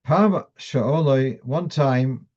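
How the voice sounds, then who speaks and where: A man's voice: medium pitch, extremely slow, a little mellow, lo-fi sound. A man teaching a class on Jewish law, explaining step by step with restarts and fillers, mixing Hebrew and Yiddish terms into English. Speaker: Torah teacher.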